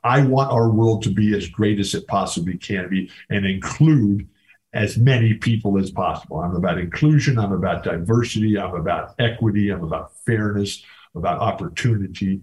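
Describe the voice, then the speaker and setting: A man's voice: on the low side, normal speed, darkish tone, poor audio. An older man, a former college basketball player, talking as a guest in a casual interview, telling enthusiastic stories with many restarts.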